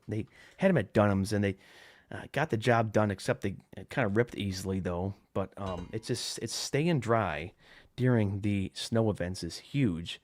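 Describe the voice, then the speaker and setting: A man with a fairly low voice hosts a live-streamed podcast, chatting loosely to his viewers. He rambles off the cuff, circling back with fillers and restarts. His voice sits close to a covered desk microphone with a dry, deadened sound. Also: dry recording. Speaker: podcast host. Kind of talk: casual live-stream chat.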